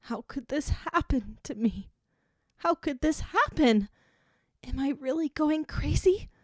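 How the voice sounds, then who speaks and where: A woman's voice: mid-range voice, fairly even intonation, unhurried, darkish tone, dry recording, clean studio sound, pitched above the performer's own voice, lightly acted. A woman voicing a frightened teenage girl cheerleader who speaks in a tight, choked, shaky voice. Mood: distraught.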